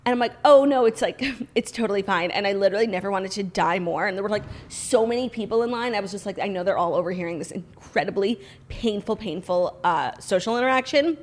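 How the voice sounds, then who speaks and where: A young woman co-hosts a casual podcast chat. She talks quickly and fills her sentences with "like," in a chatty storytelling way. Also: mid-range voice. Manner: chatty storytelling, heavy use of "like". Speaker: podcast co-host.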